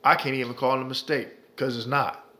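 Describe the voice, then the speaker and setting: A man's voice: medium pitch, fairly even intonation, brisk, sharp tone. A man delivering impassioned ranting commentary, profane and heated, repeating phrases for emphasis. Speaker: commentary vlogger.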